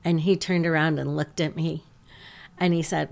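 A woman hosting a podcast, calmly telling a story about one of her patients as a nurse. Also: low voice, gravelly. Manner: slow, calm, gentle storytelling.

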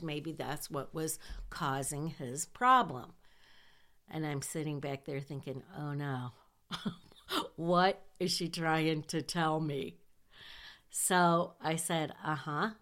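Woman, lower-pitched voice, casual storytelling, lively, hushed asides. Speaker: nurse telling a personal story.

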